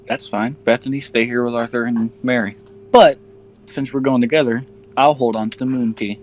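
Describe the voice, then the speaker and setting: Tabletop player, male, mid-pitched, confrontational in-character talk. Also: fairly even intonation, normal speed, poor audio. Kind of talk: in-character tabletop role-play.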